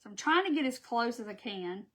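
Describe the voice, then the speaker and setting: A chatty woman with a drawl talks viewers through a craft project live, her voice sitting a little high. She chats along as she works and laughs at her own fumbles. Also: animated, brisk, a bit bright. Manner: chatty, laughing at herself, talking to viewers while working. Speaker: craft host. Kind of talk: live craft stream chat.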